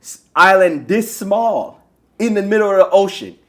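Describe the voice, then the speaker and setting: A man's voice: high voice, lively intonation, moderate pace. A man co-hosting a podcast, mocking and ranting in casual banter full of swearing. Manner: profane, mocking rants. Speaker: podcast co-host.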